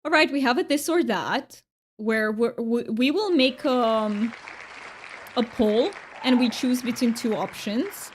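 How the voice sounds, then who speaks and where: A woman's voice: fairly high pitch, unhurried, slight background noise. A woman from Romania streaming a game, chatting with her viewers in a bubbly, giggly way. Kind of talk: casual live-stream chat.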